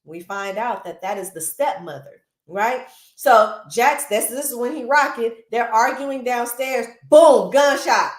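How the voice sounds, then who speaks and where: A woman hosting a casual movie recap, animated and chatty, with lots of asides to her viewers, recorded in a roomy space. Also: on the high side, a little slow. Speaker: film recap host. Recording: roomy echo.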